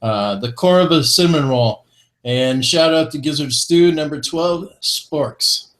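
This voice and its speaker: Co-hosting a casual online talk show about vaping, a man reads out a feel-good list in a fairly high, fairly bright voice at a measured pace. He's upbeat throughout, chuckling between items and fond of corny humor.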